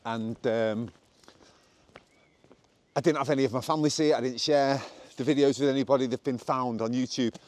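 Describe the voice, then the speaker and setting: A man's voice: medium pitch, steady tone, fairly quick, a little mellow, no echo. A man vlogging on a country walk outdoors, chatty and self-mocking, filmed on a handheld camera while walking. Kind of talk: rambling walk-and-talk vlog.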